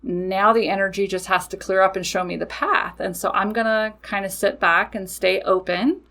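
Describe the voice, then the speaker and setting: Woman, podcast host, casual monologue, blunt, matter-of-fact, swears freely, medium pitch. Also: fairly even intonation, moderate pace, bright, forceful tone. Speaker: podcast host and witchcraft business owner.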